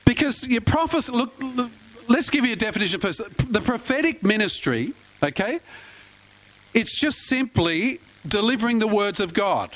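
High-voiced Australian pastor preaching. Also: male voice, animated, moderate pace, a bit bright, poor audio. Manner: conversational, asks congregation questions, folksy asides. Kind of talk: sermon.

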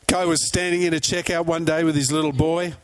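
Man, pastor, high voice, animated sermon, quizzes the congregation. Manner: animated storyteller, asks the crowd questions.

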